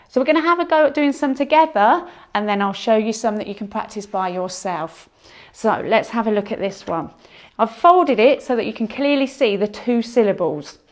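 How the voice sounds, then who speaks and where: A woman teaching a phonics lesson to young children, sounding out words slowly and encouraging them. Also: medium pitch. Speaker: primary school teacher.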